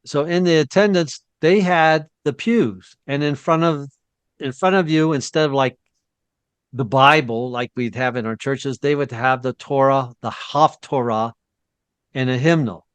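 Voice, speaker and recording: A man co-hosting a casual discussion, telling an anecdote in a rambling, animated way. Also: mid-range voice, measured pace, clean tone, no room sound. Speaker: co-host.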